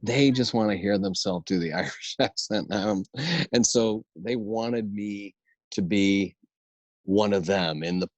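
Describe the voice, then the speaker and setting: A man's voice: on the low side, unhurried, no room sound. A man who teaches improv, a podcast guest who laughs easily and tells rambling stories. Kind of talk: casual podcast chat.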